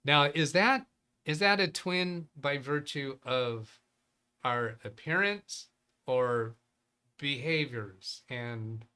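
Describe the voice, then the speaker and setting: A man's voice: medium pitch, takes it slowly, bright, forceful tone, clean tone. A man hosting a live computer-help stream in casual chat, rambling and thinking aloud as he reads viewer emails. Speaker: host of a live Windows help show.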